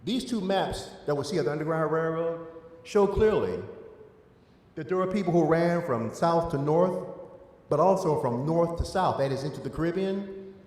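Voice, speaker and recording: Man, Eastern Shore Maryland accent, church class teacher, emphatic lecture, fairly high voice, echoey hall. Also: moderate pace, darkish tone. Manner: emphatic, rising and falling for stress. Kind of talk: adult education lecture. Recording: echoey hall with long reverb.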